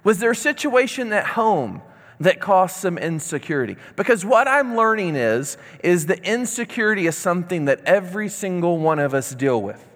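A man preaching a sermon and telling a story, acting out quoted dialogue in lively voices. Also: high voice, normal speed. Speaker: pastor. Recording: long hall reverb.

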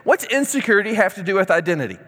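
A man preaching a sermon and telling a story, acting out quoted dialogue in lively voices. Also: sits high, racing. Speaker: pastor. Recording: long hall reverb.

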